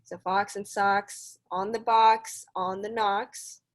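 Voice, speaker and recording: Her pitch is medium and barely moves. She is a woman reading a picture book slowly and carefully to young children over a video call, with encouraging asides along the way.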